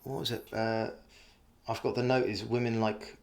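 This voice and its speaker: A man's voice: mid-range voice, little pitch movement, normal speed, gravelly, darkish tone. A man hosting a podcast, interviewing a comedian in a thoughtful, encouraging way with plenty of ums. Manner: thoughtful and encouraging, with many fillers. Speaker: podcast host. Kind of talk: casual interview.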